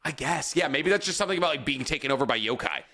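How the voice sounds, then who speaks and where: A man's voice: on the high side, lively intonation, very fast, pushed and bright. A man co-hosting a casual podcast, joking and swearing freely as he chats. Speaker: podcast co-host.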